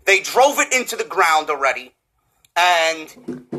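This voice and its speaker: A man with a New York accent, ranting about wrestling with heavy swearing, mockery and frequent shouts. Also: fairly high pitch, very animated, unhurried. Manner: swearing, often shouting, mocking. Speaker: wrestling reviewer. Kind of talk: profane comedic rant.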